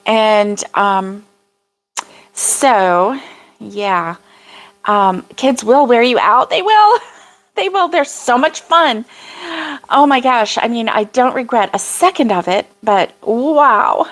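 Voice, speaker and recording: An older woman hosts a casual crochet livestream, her voice sitting a little high. She talks slowly and loosely, wandering through stories with laughs and filler. She breaks off now and then to answer viewers by name. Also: a bit bright. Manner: rambling, laughs often, reads viewer comments aloud. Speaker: crochet vlog host.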